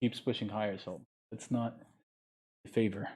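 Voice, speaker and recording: A man's voice: on the low side, steady tone, moderate pace, mellow, slightly rough. A man from Jordan, a market analyst hosting a live trading stream, talking casually and thinking aloud with fillers.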